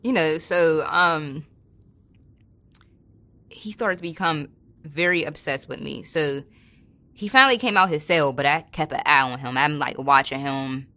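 A woman with a notably low, deep voice speaks in a relaxed, colloquial way. She tells a story from her work as a corrections officer and slips into the voices of the people she quotes. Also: a little slow, long pauses. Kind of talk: casual storytelling in an interview.

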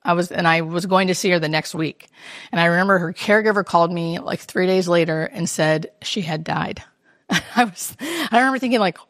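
A hospice nurse tells stories in an interview, animatedly acting out the voices of the people in them. Her voice is fairly low and a little fast, recorded with studio quality and no room sound.

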